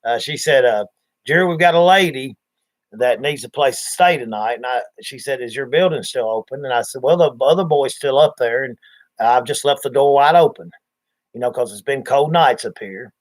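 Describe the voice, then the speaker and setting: With a mid-range voice and a moderate pace, this livestream host wanders through homespun tales in casual chat, performing each character's voice.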